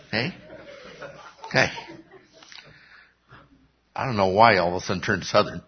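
A man's voice: fairly low pitch, sing-song, normal speed, long pauses, slightly rough. A man preaching a conversational sermon, often checking in with "okay?" and acting out quoted lines. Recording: dull lo-fi recording.

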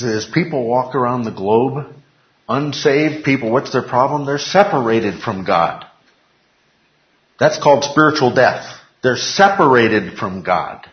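A man teaching a Bible class, emphatic, repeating key phrases and putting questions to the class. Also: mid-range voice. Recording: echoey room, dull lo-fi sound.

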